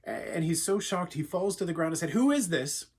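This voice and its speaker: Earnest husky-voiced man giving a devotional talk. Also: on the high side, fairly even intonation, fast talker. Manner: earnest, conversational, with frequent fillers. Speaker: youth speaker. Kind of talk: devotional talk retelling a Bible story.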